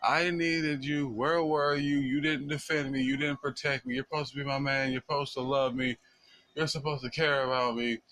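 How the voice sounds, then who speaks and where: Man playing a betrayed, enraged wife. High, accusing and yelling. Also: fairly even intonation, normal speed, no echo, natural voice. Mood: furious. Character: furious betrayed enslaved wife, shrill.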